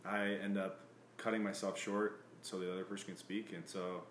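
A man hosting a casual podcast, asking questions and musing in a relaxed way. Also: low-pitched, normal speed, roomy sound, slight background noise. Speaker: podcast host.

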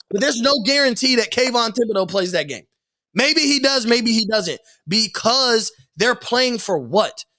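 A young man in casual sports podcast chat, animated and repetitive, saying "like" and "bro" a lot. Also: extremely high pitch. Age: young adult. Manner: animated, repeats himself, says "like" and "bro" a lot. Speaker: podcast guest.

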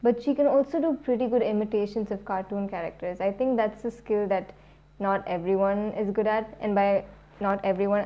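A woman's voice: mid-range voice, mellow. A young woman in her late teens hosting a podcast, telling a self-deprecating story in a chatty way with many fillers. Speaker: podcast host. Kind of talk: casual storytelling monologue.

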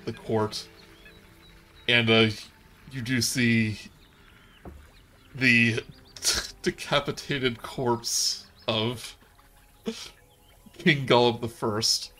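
A man's voice: mid-range voice, level tone, very slow, pauses often, sharp tone, faint music behind. A man narrating a tabletop game as game master, in a loose, rambling way full of fillers.

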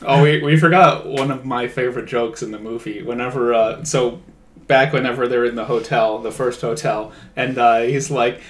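A man's voice: medium pitch, steady tone, moderate pace. A man co-hosting a podcast, chatting casually about a movie and retelling scenes with laughter and quoted lines. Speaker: podcast co-host.

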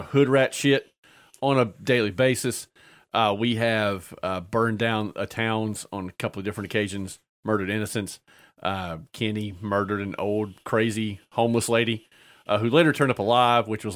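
A man casually telling a funny tabletop-game story, padding it with filler sounds and breaking into laughter. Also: lowish voice.

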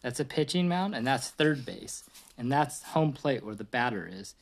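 A father reading a storybook aloud to his young children, animated and patient, stopping to explain pictures. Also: medium pitch, moderate pace, vocal fry.

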